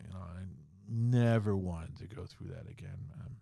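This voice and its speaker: A man hosting a podcast, telling a ghost story in casual talk full of swearing and slang, dropping to a hush in the scary parts. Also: fairly low pitch, measured pace, creaky, no echo, clean studio sound. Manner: swearing, slangy, full of "bro" and "you know"; drops to a hushed voice in the scary parts. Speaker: podcast host.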